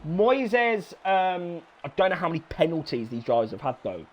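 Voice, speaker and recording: A young man giving live sim-racing commentary, excitable, swearing and shouting encouragement at the drivers. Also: on the high side, normal speed, slight background noise. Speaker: race commentator.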